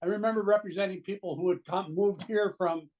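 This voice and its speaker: Earnest older man, high voice. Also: steady tone, a little mellow, rough recording. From United States. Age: 70s. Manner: earnest, indignant, with halting restarts. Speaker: political pundit guest. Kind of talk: impassioned opinion commentary.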